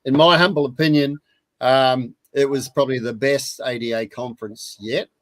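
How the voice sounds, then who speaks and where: An Australian man in his sixties telling a story in casual chat, lively and repeating his words as he goes. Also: mid-range voice, moderate pace, no room sound, low-quality recording. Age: 60s. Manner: animated anecdote teller, repeats words.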